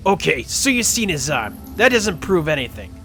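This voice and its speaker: A man voicing a cocky, impatient woman smuggler in a tabletop game, in a gruff, scoffing way. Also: on the high side, sing-song, moderate pace, fairly bright tone, faint music behind, pitched above the performer's own voice.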